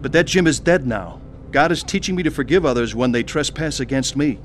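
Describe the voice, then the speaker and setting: A man's voice: medium pitch, lively intonation, brisk, a little hiss or hum. Earnest man narrating his testimony. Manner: earnest, pleading. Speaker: narrator telling his own conversion story.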